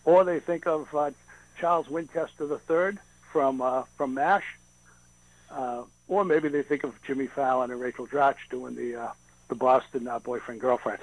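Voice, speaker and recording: A man's voice: mid-range voice, fairly even intonation, normal speed, no room sound, low-quality recording. A man who is a comedian, talking as a guest on a radio show in a wry, joking way.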